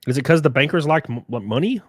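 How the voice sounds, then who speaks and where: A man's voice: fairly high pitch, lively intonation, quick pace, no echo. A man with a Southern US accent chatting casually on a live stream, reading chat aloud, swearing freely and laughing often.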